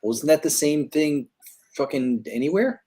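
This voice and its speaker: A man's voice: a little high, lively intonation, a little slow, warm tone, breathy edge. A man co-hosting a live trading stream in a laid-back, joking, profane way. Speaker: livestream trading co-host. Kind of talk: casual livestream chat.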